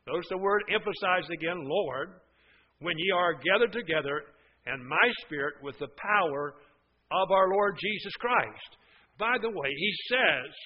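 Male preacher, high voice, earnest sermon with emphatic swells, dull lo-fi broadcast sound.

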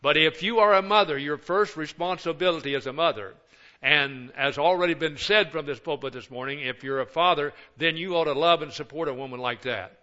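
A man's voice: fairly high pitch, fairly quick, sharp tone, dull audio. Folksy older male pastor preaching. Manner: folksy, joking asides. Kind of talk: sermon.

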